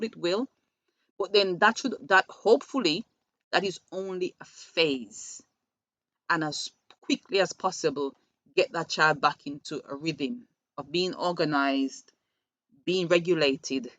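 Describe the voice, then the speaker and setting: A woman's voice: sits low, fairly bright tone, dry recording. A woman who works with schoolchildren gives earnest parenting advice, often repeating words as she restarts a thought. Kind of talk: advice talk. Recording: dull lo-fi dry recording.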